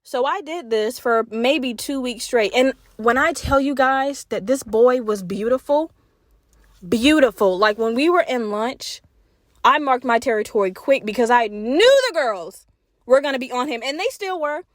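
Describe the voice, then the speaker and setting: A woman hosting a podcast, telling a personal story in a casual, animated way, swearing freely and acting out her own quotes. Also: a little high, moderate pace, dry recording, clean studio sound. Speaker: podcast host.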